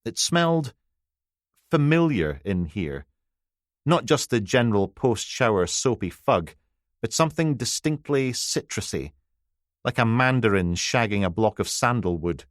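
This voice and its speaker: A man's voice: medium pitch, animated, measured pace, no echo. A man narrating a crime novel audiobook with a dry, wry delivery on a close mic.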